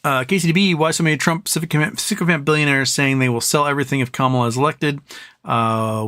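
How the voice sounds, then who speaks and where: A man in his forties hosts a casual live stream and reads out viewer questions. He answers in a loose, rambling way, blunt and full of opinion, stumbling through restarts and fillers. His voice sits at an ordinary mid pitch. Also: a little fast, fairly bright tone. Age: 40s. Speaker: livestream host reading viewer questions.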